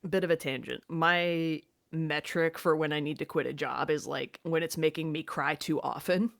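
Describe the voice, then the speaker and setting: A young woman co-hosting a podcast, chatting casually and reflectively about an episode, with lots of "like" and quick quoted asides. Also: low voice, steady tone, creaky. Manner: reflective, many likes, bursts of quoting. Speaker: podcast co-host. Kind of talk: casual recap chat.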